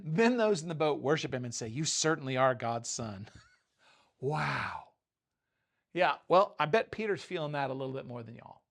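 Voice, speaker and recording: A man preaching in a loose, conversational way, with a slightly high voice. He jokes, trails off, and restarts his thoughts as he talks through his points. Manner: conversational, self-interrupting, joking asides. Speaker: pastor. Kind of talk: informal sermon.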